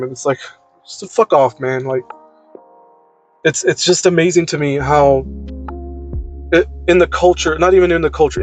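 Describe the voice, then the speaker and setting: Guy ranting straight to camera, kinda high voice, swears a lot, blunt and heated, faint music behind. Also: a little mellow, poor audio. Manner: blunt, profane, emphatic ranting. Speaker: video creator. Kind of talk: unscripted personal monologue.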